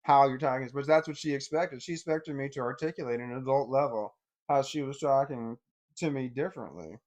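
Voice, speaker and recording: A middle-aged man telling a personal story in a blunt, heavily profane way, swinging between anger and quiet bitterness. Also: medium pitch, fairly quick.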